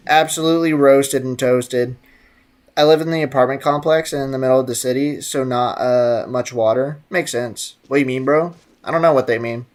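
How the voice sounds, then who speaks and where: A man streaming a game, chatting casually and jokingly, reading messages from his chat aloud. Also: medium pitch.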